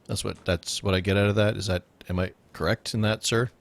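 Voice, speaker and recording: A man's voice: on the low side, steady tone, fairly quick, vocal fry. A man hosting a casual radio show, joking and laughing often with rambling asides. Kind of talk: casual comedic podcast chat.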